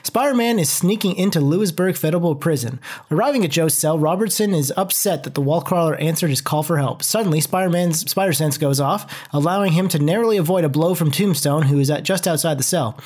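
A man co-hosting a podcast, briskly reading comic book summaries. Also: fairly high pitch, darkish tone. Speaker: podcast co-host.

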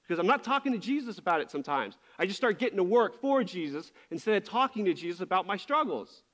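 A man's voice: high-pitched, sing-song, fast, fairly bright tone. A man preaching as a pastor, speaking candidly and confessionally, often restarting his sentences as he searches for words. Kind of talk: candid sermon.

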